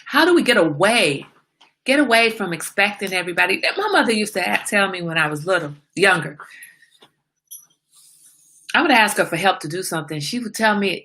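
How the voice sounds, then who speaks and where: A woman's voice: medium pitch, sing-song, a little fast, pauses often, sharp tone. A woman hosting a casual livestream, talking emphatically and asking rhetorical questions, like a small sermon. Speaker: livestream host.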